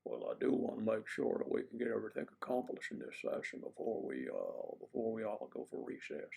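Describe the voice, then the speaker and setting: A man's voice: on the low side, very animated, brisk, creaky, warm tone, breathy edge. A man hosting a casual livestream, chatting to viewers in a playful, rambling way with teasing asides. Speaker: livestream host.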